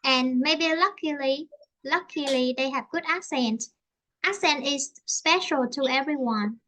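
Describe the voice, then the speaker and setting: A woman with a Vietnamese accent teaches English in an online lesson conversation, speaking in a high voice that is pushed and bright and a little slow. She's hesitant and searches for words with many fillers. A slight hiss or hum is present.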